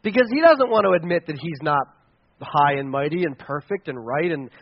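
A male pastor preaches in a playful, conversational way, and his voice sits high for a man. The recording is dull and muffled, with a dry sound and no echo. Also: lively intonation, a little fast. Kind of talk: sermon.

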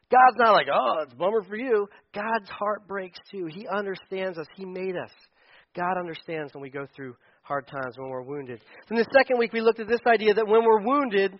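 A male pastor preaching a sermon in a conversational way, with many restarts, his voice rising when he quotes. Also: high voice. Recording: dull radio broadcast audio.

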